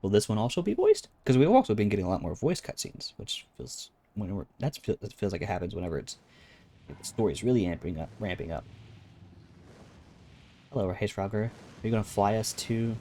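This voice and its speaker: Chatty male game streamer, low voice. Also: big pitch swings, a little fast, mellow, slight background noise. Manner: chatty, muses aloud and reads game lines. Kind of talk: casual let's-play commentary. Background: game music.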